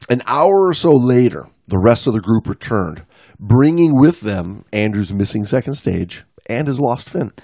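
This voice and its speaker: A man's voice: mid-range voice, sing-song, normal speed, darkish tone, dry recording. A man co-hosting a podcast, telling a story in a laid-back way with chatty asides. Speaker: podcast co-host.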